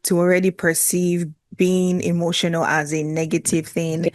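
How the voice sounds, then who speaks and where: A woman hosting a podcast, asking measured, thoughtful questions. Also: lowish voice, flat delivery, no echo. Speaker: podcast host. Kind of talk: interview questions.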